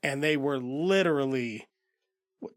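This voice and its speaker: A man co-hosting a casual movie podcast, rambling through the plot with plenty of swearing. His pitch sits in an ordinary middle range. The sound is dry and close to the mic. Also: a little slow, no echo. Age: adult with a child. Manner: profane, rambling, acts out characters' lines. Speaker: podcast co-host. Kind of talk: casual movie recap chat.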